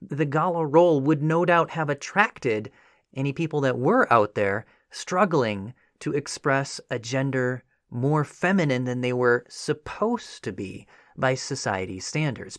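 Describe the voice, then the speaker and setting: A man's voice: mid-range voice, a little slow, no room sound, clean studio sound. A man hosting a history podcast, narrating a script in a conversational way with frequent asides. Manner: conversational, animated, with frequent "you know" asides. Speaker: podcast host.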